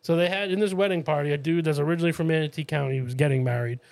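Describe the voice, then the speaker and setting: This podcast co-host from Massachusetts, USA, rattles off rambling stories in a laid-back chat, laughing, swearing and using plenty of fillers. He talks at a racing pace with vocal fry, at a fairly high pitch, in a dry recording.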